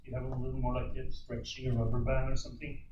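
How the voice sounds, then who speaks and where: A man coaching a violin student, encouraging and halting, often restarting his sentences. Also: mid-range voice, monotone, muffled recording. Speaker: violin teacher. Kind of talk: one-on-one lesson feedback. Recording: very echoey, distant mic, violin playing.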